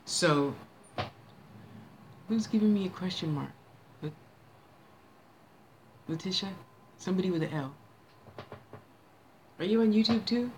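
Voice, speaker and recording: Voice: mid-range voice, gravelly, a little mellow, slight background noise. Chatty folksy medium bossing spirits around. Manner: chatty, folksy, bossy with spirits, drawn-out words. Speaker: psychic medium giving readings. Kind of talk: casual live spirit reading, talking to spirits aloud.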